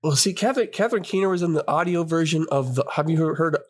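A man co-hosting a podcast in a casual chat, excitable and rambling, often restarting his sentences. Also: a little high, fast. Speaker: podcast co-host.

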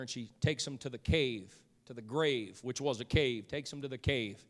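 A male preacher delivering a sermon, swinging from hushed storytelling to loud, fervent shouting. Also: medium pitch, normal speed, few pauses. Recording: long hall reverb.

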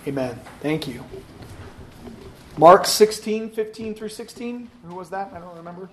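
A man's voice: high voice, expressive, measured pace, a bit bright. A man teaching a Sunday school class, upbeat and joking as he calls on readers. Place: church classroom.

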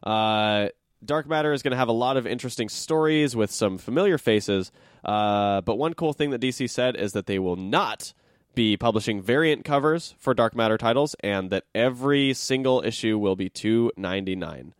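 A man's voice: medium pitch, lively intonation, normal speed, clear, resonant tone, no echo, clean studio sound. Casual man chatting comic news. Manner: loose and jokey, many fillers. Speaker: podcast host.

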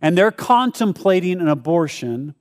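A middle-aged pastor addresses a live church congregation about giving, keeping it casual and funny while acting out quick prayers. His voice is high and darkish in tone, with big swings in pitch, delivered at a moderate pace.

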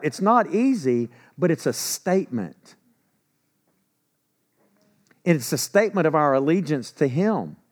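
Male pastor, slightly high voice, animated sermon with sarcastic asides. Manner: animated preaching, drops to quiet asides when telling stories; sarcastic humor.

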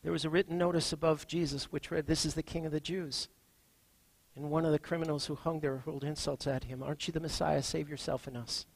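A man preaching a sermon as pastor, earnest, reading scripture and moving between hushed and emphatic lines. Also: fairly high pitch, flat delivery, brisk, creaky, husky, no room sound, rough recording.

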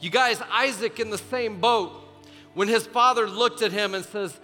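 A young man preaching to students as a youth pastor, telling the story in a casual, animated way with many fillers. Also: sits high, normal speed. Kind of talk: sermon. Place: church auditorium. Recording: large hall with long reverb, faint music.

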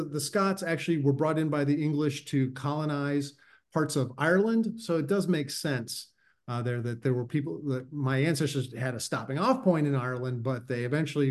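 A man from the United States, a writer guest on a podcast, telling stories in a rambling, chuckling way. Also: medium pitch. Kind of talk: casual podcast interview.

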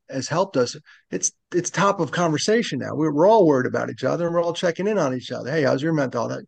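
A man's voice: a little high, vocal fry, darkish tone, no room sound. A man in his late fifties, a podcast guest, talking earnestly and reflectively in conversation. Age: 50s. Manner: earnest and reflective, speaks openly about loss. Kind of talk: conversational interview.

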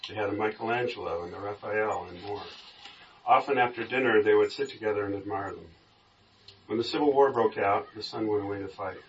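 Low-voiced man reading a story aloud. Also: brisk, a little hiss or hum. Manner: steady storytelling. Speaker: Bible study member. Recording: distant dull room recording.

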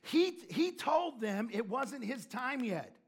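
A man preaching a sermon, telling stories with animated delivery and shouting out lines for emphasis. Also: very high voice, takes it slowly, breathy edge.

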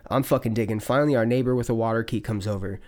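A man's voice: medium pitch, rapid-fire, darkish tone. A man hosting a podcast, telling a long story in loose casual chat with lots of swearing and fillers. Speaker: podcast host.

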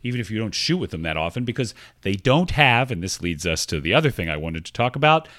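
A man co-hosting a podcast in easy, casual chat, explaining as he goes. His pitch swings widely from phrase to phrase, and his voice sits close and dry with almost no room sound. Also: fast, dry recording. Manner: explanatory, animated. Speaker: podcast co-host.

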